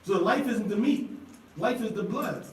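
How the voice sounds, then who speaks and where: Man, Bible study teacher, slow and deliberate, repeats questions, roomy distant recording, faint ambience. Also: high-pitched, expressive, slight background noise. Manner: slow and deliberate, asks the audience repeated questions, sounds out Hebrew words. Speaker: scripture teacher.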